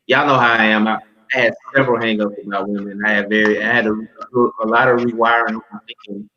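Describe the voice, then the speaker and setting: A man's voice: lowish voice, steady tone, fast talker, pushed and bright. A man, a podcast co-host, joking candidly in casual chat and repeating himself. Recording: dull lo-fi recording.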